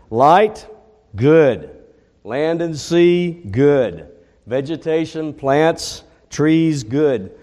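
A man preaching a sermon as pastor, slow and emphatic, repeating his key phrases. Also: medium pitch, darkish tone, in a large hall.

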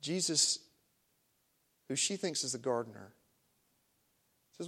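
A man preaching a sermon, telling a story with a voice that swings from hushed to emphatic. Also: medium pitch, lively intonation, takes it slowly, vocal fry, husky. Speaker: pastor. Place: church sanctuary.

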